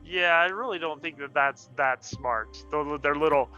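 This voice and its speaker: A man's voice: fairly high pitch, moderate pace, pushed and bright, muffled recording, soft background music. A man co-hosting a casual film podcast, candid and opinionated, chuckling as he makes his points. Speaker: podcast co-host. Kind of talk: casual movie discussion.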